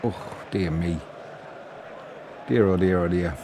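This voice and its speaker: A man with a low voice takes it slowly against a noisy background, commentating live football solo. While reading viewer chat, he mixes play-by-play with chatty, opinionated asides and replies.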